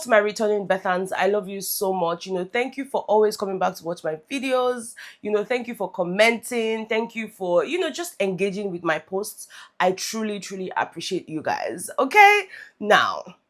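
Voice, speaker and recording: A woman's voice: mid-range voice, big pitch swings, moderate pace. A woman vlogger recapping a reality show in a chatty, casual way, often laughing.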